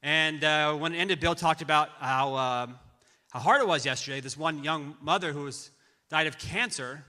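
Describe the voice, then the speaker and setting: A middle-aged man's fairly high, very bright voice carries through a big church hall with a long reverb. He tells a personal tribute in stops and restarts. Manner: halting storytelling with many restarts. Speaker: friend giving a memorial tribute. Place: large church auditorium.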